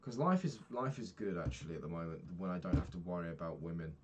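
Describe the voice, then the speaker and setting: A man's voice: sits low, animated, fast talker, noisy background. A young man in his twenties talking frankly in a rambling daily vlog, swearing casually and filling gaps with ums. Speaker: vlogger.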